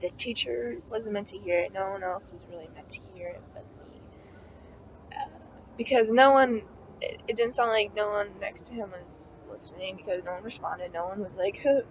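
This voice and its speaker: A young woman, a college student, vents casually in a mid-range voice at normal speed, rambling, swearing often and leaning heavily on "like" and "um." The lo-fi recording has a noisy background.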